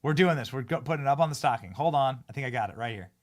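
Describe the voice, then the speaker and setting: Excitable man hosting a live show. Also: medium pitch, racing. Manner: excitable, repeats and restarts phrases, hypes guests. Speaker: political talk show host. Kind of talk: live-streamed casual chat. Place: show studio.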